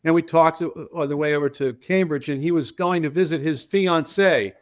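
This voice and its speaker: An older man tells a story as a podcast guest, lively and animated as he slips into the voices of the people in it. His voice sits a little higher than most men's. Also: moderate pace. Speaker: guest, transportation company founder. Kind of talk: casual storytelling.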